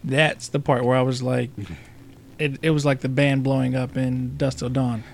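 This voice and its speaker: A man with a gravelly, creaky voice adds short remarks in a relaxed chat. He finishes lines and nudges the story along rather than leading it. A faint noise sits under the recording. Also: mid-range voice, normal speed. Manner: brief interjections and backchannel, chiming in on quotes. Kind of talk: casual chat.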